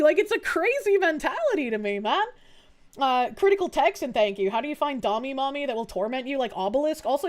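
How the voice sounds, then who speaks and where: Young woman streamer, high voice, foul-mouthed, animated casual chat, laughs a lot. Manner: swears a lot, laughs often, animated storytelling. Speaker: VTuber streamer.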